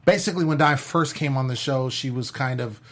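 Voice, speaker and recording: A man hosting a lively panel chat show, excitable and often laughing. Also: medium pitch, fairly quick. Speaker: host. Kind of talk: casual chat.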